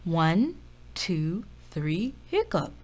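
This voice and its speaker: A woman playing a booming, gruff papa bear. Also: very animated, extremely slow, darkish tone, full character voice.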